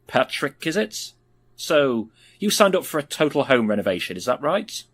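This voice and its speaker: A pushy makeover show host. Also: male voice, medium pitch, sing-song, moderate pace, fairly bright tone, husky. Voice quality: theatrical, over-the-top presenter delivery. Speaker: cheesy home makeover TV host. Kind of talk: sketch comedy acting.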